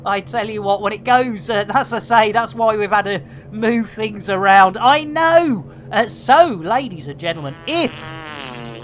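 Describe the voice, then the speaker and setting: A woman's voice: mid-range voice, animated, unhurried, slight background noise. A woman in her fifties streaming a game live, chatting with viewers in an exclamatory way and swearing freely. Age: 50s.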